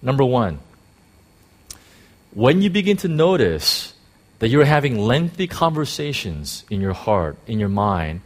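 A man pastor preaching a sermon in a conversational way, with rhetorical questions and quick acted-out quotes of churchgoers. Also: very animated. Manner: acts out quoted church talk in sudden high bursts.

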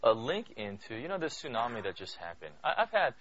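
A Bible teacher delivers a conversational sermon in a brisk, sing-song voice of medium pitch with a fairly bright tone, quizzing his listeners and sprinkling in "you know" and "right?" throughout. The recording is dull, lo-fi, and dry.

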